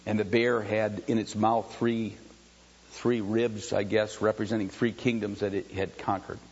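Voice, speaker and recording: Husky-voiced male preacher, quiet storytelling that builds to shouting, lo-fi hall recording. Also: on the low side, flat delivery, measured pace. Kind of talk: sermon. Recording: dull lo-fi sound with long hall reverb.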